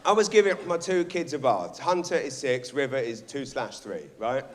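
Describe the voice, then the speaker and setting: A man's voice: medium pitch, moderate pace, a little hiss or hum. An English man performing live stand-up comedy on a theatre stage, telling brash, sweary stories with lots of energy. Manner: brash, swearing, animated storytelling.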